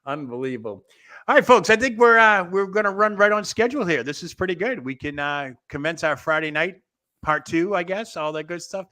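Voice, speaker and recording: A man's voice: sits high, animated, fairly quick, bright, forceful tone. A man co-hosting a wrestling talk show in casual panel chat, rambling, thinking aloud and laughing often.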